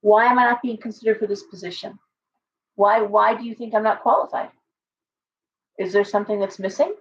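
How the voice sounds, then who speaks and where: A woman's voice: medium pitch, a little fast, a little hiss or hum. A woman giving a casual live tarot reading, blunt and chatty, full of asides and restarts. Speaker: tarot reader. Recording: distant, dull lo-fi sound.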